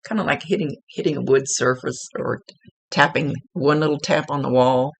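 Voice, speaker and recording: A psychic medium with a very deep, slightly rough voice and vocal fry gives an informal one-on-one reading from her chair at home, speaking at a moderate pace. She rambles, using many fillers and restarts, and there's no room sound in the recording.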